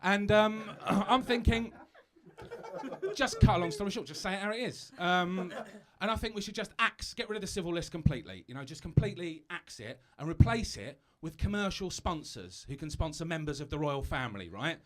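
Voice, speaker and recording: A man's voice: high-pitched, lively intonation, a little fast. A British man doing a stand-up comedy set on a live stage, chatty and self-mocking, stumbling over asides.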